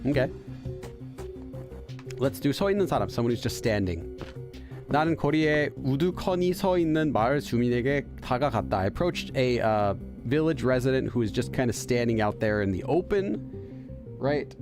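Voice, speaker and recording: A man's voice: medium pitch, animated, very fast, over music. A man hosting a let's play, reading game text aloud and translating it line by line as he thinks aloud. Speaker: host of a game channel for Korean learners.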